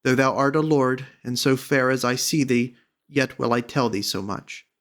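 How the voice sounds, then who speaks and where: A man voicing a sad, tearful young maiden in a storybook reading, with a soft, pleading delivery. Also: mid-range voice, fairly even intonation, moderate pace, lightly acted. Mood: earnest.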